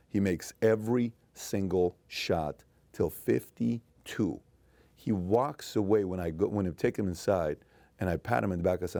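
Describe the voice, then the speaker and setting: A man in his forties telling a personal story in an emphatic motivational talk, dropping to a soft, emotional tone. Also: fairly low pitch, normal speed, creaky, no room sound. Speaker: motivational speaker and host.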